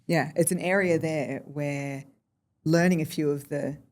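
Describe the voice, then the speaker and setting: A woman's voice: low-pitched, unhurried, a little hiss or hum. An Australian woman in a casual podcast interview, speaking as a voice coach and telling stories with playful shifts in her voice. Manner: animated storyteller, playful vocal shifts. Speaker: voice coach guest.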